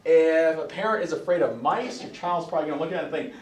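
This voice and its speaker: A man giving a psychology lecture to a class, lively and expressive, often acting out voices of children and parents. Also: on the high side, quick pace, few pauses. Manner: animated, acts out quoted voices. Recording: echoey classroom from a distance.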